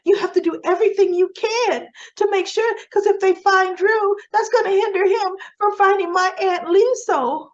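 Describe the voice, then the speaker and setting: A woman's voice: moderate pace, few pauses. A woman voicing a frantic woman who pleads urgently over a family secret, in a dull lo-fi recording. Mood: urgent pleading. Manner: urgent, high and loud.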